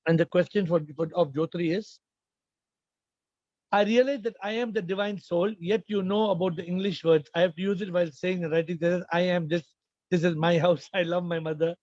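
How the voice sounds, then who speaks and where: A man's voice: high-pitched, fairly even intonation, brisk, darkish tone, no echo, lo-fi sound. A man as a spiritual teacher answering audience questions in an informal talk, repeating phrases and often checking with his listeners. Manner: repetitive, emphatic, questioning the audience.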